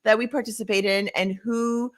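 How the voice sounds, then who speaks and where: A woman's voice: on the high side, fairly even intonation, normal speed. A woman co-hosting a casual podcast as a coach, speaking in an encouraging, upbeat way and laughing easily.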